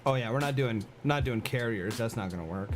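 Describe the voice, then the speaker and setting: A man's voice: medium pitch, brisk. A man casually chatting on a game livestream, rambling and answering chat with lots of fillers and repeated words. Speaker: game streamer. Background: music.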